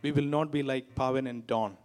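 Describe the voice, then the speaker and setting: A man leading a calm, devoted prayer, repeating his phrases. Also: mid-range voice, a little fast, soft background music. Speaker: prayer leader. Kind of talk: spoken prayer over music.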